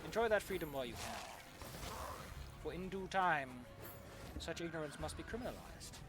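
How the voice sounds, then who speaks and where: A man's voice: on the high side, animated, normal speed, music in the background. A young man streaming a game and talking casually, ranting sarcastically and swearing freely as he plays. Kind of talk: casual gaming stream chat.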